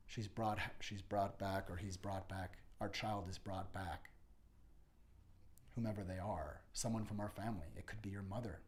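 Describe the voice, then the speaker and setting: A man delivering an impassioned spoken-word meditation, dropping to whispers and rising to shouts. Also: low-pitched, steady tone, moderate pace. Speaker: monologue speaker.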